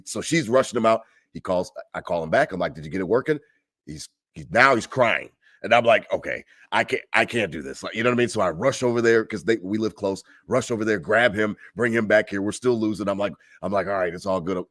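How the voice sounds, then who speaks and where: A man with a low voice talks quickly and animatedly in a casual sports chat. He swears freely and acts out the other voices in his story. The sound is dry and close to the mic. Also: a bit bright, no room sound. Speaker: podcast co-host.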